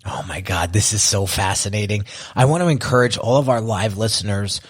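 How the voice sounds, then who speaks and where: A man hosting a podcast interview, greeting and questioning his guest with loud enthusiasm. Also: fairly low pitch, brisk, husky. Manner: hyped, enthusiastic. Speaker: podcast host.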